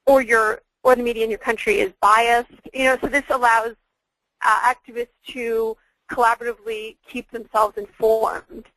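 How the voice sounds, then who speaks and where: A woman's voice: on the high side, flat delivery, normal speed, fairly bright tone, no echo, poor audio. A woman speaking as a guest on a webinar, explaining things in a chatty way with lots of fillers and restarts. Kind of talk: conversational webinar talk.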